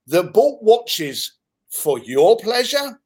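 A man in his fifties from London, with a London English accent, telling lively stories as an interview guest. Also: high voice, slow. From London, England. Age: 50s. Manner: animated, swearing, laughs while telling stories. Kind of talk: casual storytelling in conversation.

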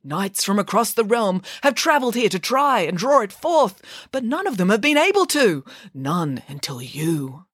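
Slow formal declaiming townsman, reverent, storybook crowd figure, put on by a woman, dry sound. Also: mid-range voice, big pitch swings, husky, no echo. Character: solemn adult man of the crowd, reverent.

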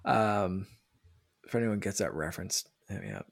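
Gravelly-voiced man hosting a casual podcast. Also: low-pitched, sing-song, normal speed, no echo, clean studio sound. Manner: rambling, many fillers and restarts. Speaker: podcast host. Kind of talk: casual chat.

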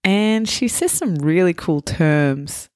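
A woman hosting a podcast, speaking clearly and deliberately in a teacher voice for language learners. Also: lowish voice, animated, a little mellow, no echo, clean studio sound. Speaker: podcast host. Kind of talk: casual interview, slow teacher voice.

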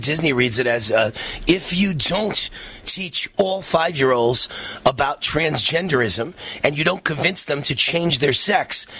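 A man hosting a talk radio show, reading an ad and speaking emphatically and indignantly, pushing up to near-shouts. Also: fairly high pitch, husky, dry recording. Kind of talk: talk radio host and ad read.

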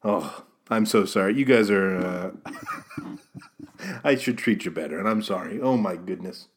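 A man's voice: low voice, a little slow, a little hiss or hum. A man hosting a casual solo podcast, rambling and self-deprecating as he chats straight to the listener. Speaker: podcast host.

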